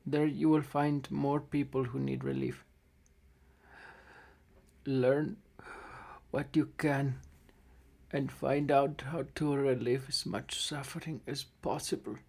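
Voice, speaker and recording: A man voicing a dying old gnome, soft and fading. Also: medium pitch, level tone, gravelly, pitched below the performer's own voice. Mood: tender, fading. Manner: weak, soft and halting, breaks into coughs. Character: dying old male deep gnome, gentle and fatherly. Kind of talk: narrated tabletop adventure.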